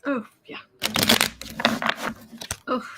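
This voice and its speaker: A woman's voice: drawn-out words, very noisy. Chatty woman hosting a tarot livestream. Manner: chatty, frequent restarts and repeated words. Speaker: tarot reader and livestream host. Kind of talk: casual livestream chat, reading out viewer comments.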